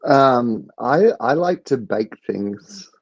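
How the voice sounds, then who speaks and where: A man's voice: mid-range voice, lively intonation, slow pace, creaky, lo-fi sound. An Australian man, a comedian guest, joking in a dry, self-mocking, rambling way over a video call. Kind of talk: casual comedic chat.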